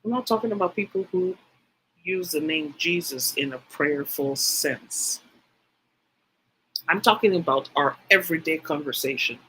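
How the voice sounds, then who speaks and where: A woman's voice: deep voice, unhurried, fairly bright tone, slight background noise, rough recording. A woman giving a livestreamed spiritual teaching talk. She speaks emphatically, repeats phrases for stress and speaks directly to her live chat viewers.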